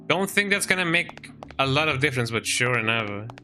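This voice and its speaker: A man's voice: mid-range voice, lively intonation, brisk, pushed and bright. A young man streaming a game, casually musing aloud and second-guessing himself. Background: faint game music.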